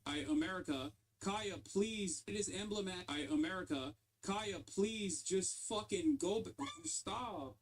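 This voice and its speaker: High gravelly man on a played clip. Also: expressive, a little slow, hardly any pauses. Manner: keeps breaking off to snap at his dog. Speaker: streamer. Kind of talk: live-stream political talk.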